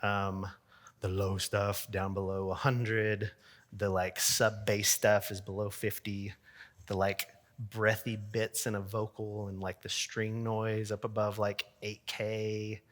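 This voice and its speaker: A man's voice: lowish voice, completely flat delivery, slow, fairly bright tone. A man who works as a church sound engineer, giving a chatty talk to an audience, with lots of fillers and joking asides. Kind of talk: casual conference talk.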